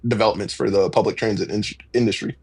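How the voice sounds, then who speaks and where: Relaxed man chatting with many fillers. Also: lowish voice, quick pace, creaky, a little hiss or hum. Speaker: stream guest. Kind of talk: casual chat.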